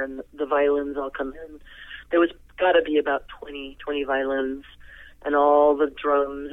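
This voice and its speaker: A man guest talking on the phone, telling a long story in a rambling, animated way. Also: no room sound. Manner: animated, rambling, jumps to high pitch in quoted reactions. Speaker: interview guest, singer. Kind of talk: casual storytelling. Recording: tinny phone line.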